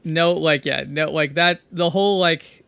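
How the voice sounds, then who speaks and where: A man's voice: on the high side, fairly even intonation, a little slow, vocal fry, sharp tone, clean tone, no echo. A man co-hosting a podcast, chiming in with sardonic, hesitant asides. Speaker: podcast co-host. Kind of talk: casual podcast chat.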